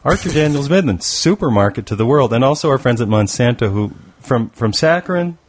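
A man's voice: medium pitch, expressive, fairly quick, a little hiss or hum. A man filling in as co-host on a radio talk show, joking and playful in casual banter. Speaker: guest co-host.

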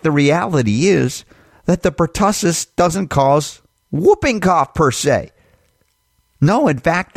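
A man hosting an opinionated talk-radio monologue, sarcastic and emphatic, firing off rhetorical questions and jumping into mocking high voices. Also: gravelly, no room sound, clean studio sound. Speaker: talk show host.

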